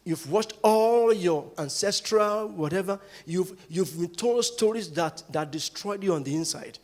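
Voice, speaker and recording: Nigerian pastor preaching in a reverberant hall. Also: male voice, sits high, unhurried. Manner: preaching with sudden loud rises and hushed drops. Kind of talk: sermon. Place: large church hall.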